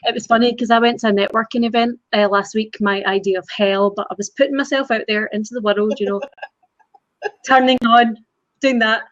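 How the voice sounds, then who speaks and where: A Scottish woman with a fairly high voice, co-hosting a relaxed live-stream chat and laughing a lot as she talks. The sound is dry and dull, like webcam audio on a video call. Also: normal speed, no room sound. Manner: laughs often, animated and chatty. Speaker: co-host.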